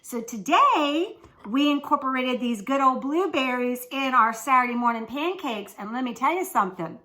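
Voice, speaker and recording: A woman's voice: high voice, lively intonation, moderate pace, pushed and bright. Chatty woman in her kitchen. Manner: chatty, folksy, addresses viewers directly. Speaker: cooking show host. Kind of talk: casual cooking demonstration. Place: home kitchen.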